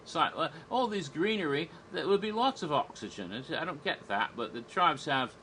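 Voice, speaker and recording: A man's voice: on the high side, animated, moderate pace, bright, forceful tone, slight background noise, poor audio. A man giving a casual spoken review, chatty and rambling, with restarts and little chuckles. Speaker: theme park reviewer.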